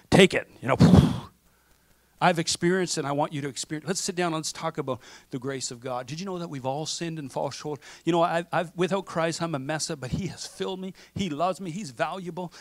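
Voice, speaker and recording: A man's voice: fairly high pitch, no echo. A man preaching a sermon as pastor in a conversational way, often checking in with "okay?" and acting out what people say to themselves. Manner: conversational preaching with frequent "okay?" and acted self-talk. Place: church sanctuary.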